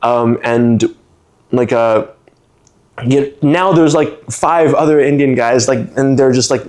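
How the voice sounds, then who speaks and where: Man, casual storyteller, mid pitch, loose and rambling, keeps dropping "like" and voicing the people in his story. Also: takes it slowly, a little mellow. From San Francisco. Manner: rambling, many "like" fillers, acts out other people's lines. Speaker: storytelling guest.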